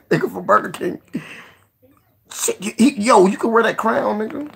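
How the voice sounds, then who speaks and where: A man hosting a casual live stream, joking, cursing freely, laughing often and giving shout-outs to viewers. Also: high voice, wildly swooping pitch, measured pace, gravelly, slightly rough.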